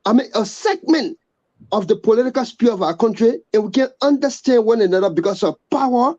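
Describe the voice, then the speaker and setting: A man gives political commentary in a halting way, often repeating words. His tone is dark and mellow. The sound comes over a dull, lo-fi remote line. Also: extremely high pitch, animated. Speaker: guest commentator.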